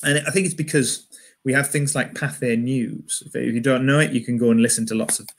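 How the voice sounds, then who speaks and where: A man's voice: medium pitch, fairly even intonation, fairly quick, gravelly. A man with a Yorkshire accent doing a wry stand-up comedy set from home, often restarting his phrases.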